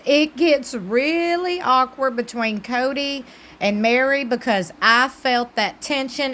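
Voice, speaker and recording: A woman's voice: a little high, sharp tone. A woman, chatting animatedly and emphatically as she recaps a TV episode. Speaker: TV recap YouTuber. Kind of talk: casual chat recap.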